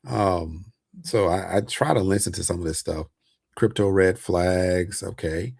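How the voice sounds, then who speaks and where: A man with a very low, gravelly voice talks casually on a livestream about investing. His tone is husky and he chats loosely, with plenty of fillers and chuckles. The sound is close and dry. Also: unhurried, a little mellow, no echo. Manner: loose and chatty, many fillers, chuckles often. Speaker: online host talking about investments.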